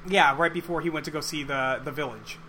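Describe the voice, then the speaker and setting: Easygoing man, high bright voice. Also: slight background noise. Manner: easygoing, quick to laugh. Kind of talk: casual chat about a read-through.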